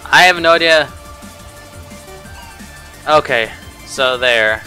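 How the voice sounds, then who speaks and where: Bright-voiced man swearing through a game. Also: medium pitch, slow, soft background music. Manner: swears a lot, loud frustrated outbursts; mutters and groans to himself. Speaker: player commentating custom game levels. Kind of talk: let's play commentary.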